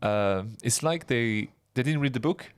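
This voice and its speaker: A man's voice: mid-range voice, lively intonation, a little slow, smooth. Hesitant man searching for his words. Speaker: podcast co-host. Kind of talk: casual chat.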